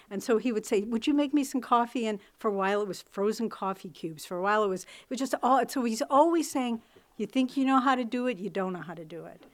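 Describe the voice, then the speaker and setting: A woman spiritual teacher speaks to a gathering in a relaxed storytelling way. She slips into quoted voices and lets her emphasis sink into soft, low endings. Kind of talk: informal spiritual talk.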